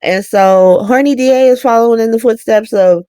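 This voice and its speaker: A woman's voice: fairly high pitch, moderate pace, dark tone, clean tone, dry recording, studio quality. A young woman hosting a casual soap opera recap, chatty and profane, laughing often. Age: young adult.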